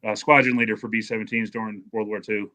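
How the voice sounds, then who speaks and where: Casting: male co-host, rapid delivery, plain-spoken, video-call sound. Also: lowish voice, little pitch movement, bright, forceful tone. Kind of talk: casual chat on a live talk show.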